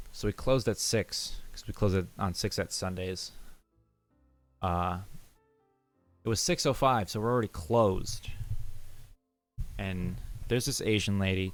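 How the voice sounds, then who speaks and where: A young man live-streaming, chatting casually and rambling through a story with little chuckles. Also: low voice.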